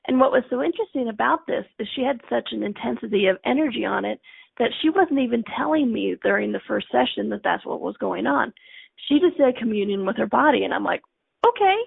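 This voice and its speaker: Gravelly woman coaching over a tinny stream. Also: a little high, fast, dry recording. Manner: chatty, storytelling, acts out quotes. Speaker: life coach. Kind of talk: live-streamed coaching talk.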